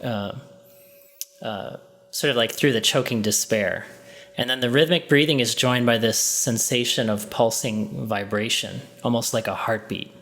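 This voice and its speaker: A man running a tabletop game as game master, narrating a scene slowly in the second person with frequent ums and restarts. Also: fairly low pitch, fairly bright tone.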